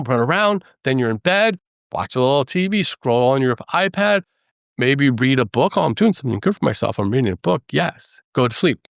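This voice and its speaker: An animated man talks in a casual podcast conversation, self-deprecating and quick to act out the voices of the people in his stories. His voice sits at a middle pitch for a man. The sound is dry and close, with no room echo. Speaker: guest. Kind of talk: conversational storytelling.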